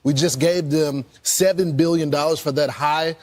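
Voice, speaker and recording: A man speaks in an opinionated, critical way and runs through a list of complaints. His voice sits a little higher than most men's. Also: fairly even intonation, moderate pace, a little mellow. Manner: critical, listing grievances. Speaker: political commentator. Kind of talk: opinionated commentary.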